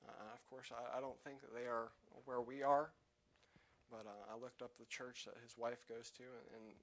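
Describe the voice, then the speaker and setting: A young man preaching a sermon in church, loud when quoting scripture and quieter and halting in his personal asides. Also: medium pitch, flat delivery. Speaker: lay preacher.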